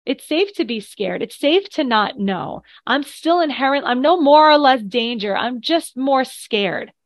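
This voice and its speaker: A woman's voice: high-pitched, lively intonation, measured pace, no room sound. Earnest woman coach, dry sound. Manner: earnest, explanatory, reassuring. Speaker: anxiety coach co-host. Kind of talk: casual podcast chat.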